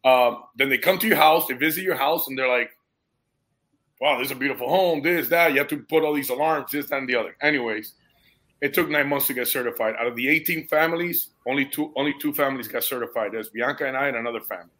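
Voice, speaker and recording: Speaking quickly at a medium pitch, this foster parent and guest shares a story in an animated, easygoing chat. He says "dude" and "bro" along the way and grows emotional as he goes.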